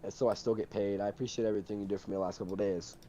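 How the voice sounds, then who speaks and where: A young man telling a heated story in casual chat, animated and swearing a lot. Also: on the low side, rapid-fire, dull audio.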